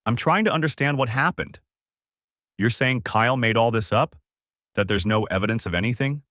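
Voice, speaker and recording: A man's voice: mid-range voice, normal speed, no echo, clean studio sound, lightly acted. A man voicing a tense young woman who urgently reports what she sees, in an audiobook. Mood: feigned confusion. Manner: urgent, hushed play-by-play. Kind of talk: audiobook character voice.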